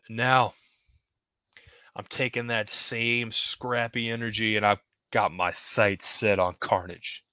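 A man's voice: on the low side, flat delivery, slow, sharp tone, clear, resonant tone, no echo. A man voicing a scrappy, determined wrestler in an earnest promo.

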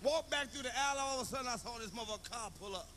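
A man doing a stand-up comedy set on stage before a live audience, telling loud, profane stories that build to shouting. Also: extremely high pitch, rapid-fire, slight background noise.

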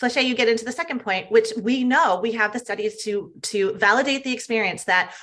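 A woman's voice: a little high, brisk, a bit bright. A middle-aged woman, a health coach, speaking earnestly and emphatically as a podcast guest and often adding "right?". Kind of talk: podcast interview.

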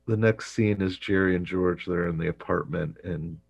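A man's voice: low voice, normal speed, vocal fry, breathy edge, no echo, dull audio. A man casually retelling a sitcom episode, acting out the lines and laughing often. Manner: animated, laughs often, many fillers. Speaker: podcast host recapping an episode. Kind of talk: casual retelling with acted quotes.

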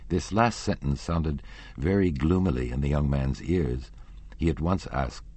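Male audiobook narrator, very deep husky voice, expressive, unhurried. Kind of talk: scripted narration.

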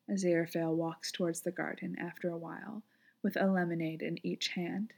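Female story reader, low and gravelly, gentle lyrical delivery. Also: level tone, a little fast. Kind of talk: reading fan fiction aloud.

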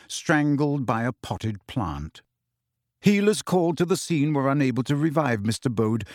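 A man narrating an audiobook with a steady, expressive reading. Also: medium pitch, dry recording, studio quality. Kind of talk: scripted narration.

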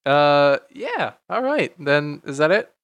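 A man's voice: fairly high pitch, very animated, takes it slowly, a bit bright, no echo. A young man in his late teens, co-hosting a casual chat podcast, rambling with lots of fillers and repeated words. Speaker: podcast co-host.

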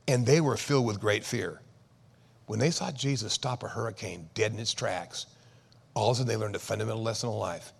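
A man preaching a sermon, swinging from loud bursts to hushed tones and acting out quoted voices. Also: lowish voice, normal speed, creaky, long pauses, slightly rough. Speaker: pastor. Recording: reverberant church hall.

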